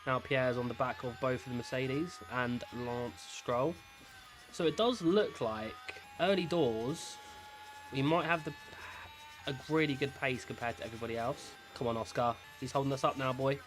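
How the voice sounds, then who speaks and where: A man giving excitable, chatty commentary while playing a racing management game, cheering his drivers on. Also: medium pitch, moderate pace, over music. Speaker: gaming creator.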